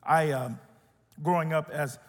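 High-voiced preacher in a reverberant hall. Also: male voice, measured pace. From grew up as an immigrant. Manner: earnest preaching, shifts between loud and hushed. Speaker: pastor. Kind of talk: sermon.

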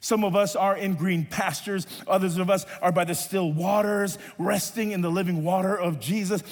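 A man's voice: sits high, fairly even intonation, moderate pace, long reverb tail. A male pastor preaching a sermon, stretching refrains into half-sung lines.

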